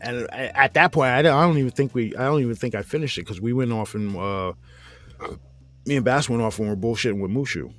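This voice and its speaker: A man's voice: mid-range voice, fast talker, a bit bright, faint music behind. A man in his forties hosting a casual chat, telling a rambling, profane story and acting out his friends' lines with a laugh. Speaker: podcast host.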